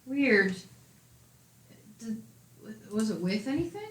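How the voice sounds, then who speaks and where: A woman voicing a curious, wry adult townswoman in a tabletop game, her questions pitched a little higher than her narration. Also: big pitch swings, slow. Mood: puzzled. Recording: echoey room.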